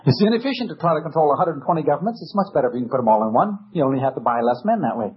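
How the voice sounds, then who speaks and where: A man's voice: fairly high pitch, lively intonation, very fast, breathy edge. A man giving a sarcastic, emphatic political lecture full of rhetorical questions, on a dull old recording. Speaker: speaker.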